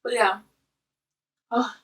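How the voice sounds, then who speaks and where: A woman's voice: takes it slowly, fairly bright tone, far from the mic, poor audio. A woman hosting a casual eating video, animatedly telling a story. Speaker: host.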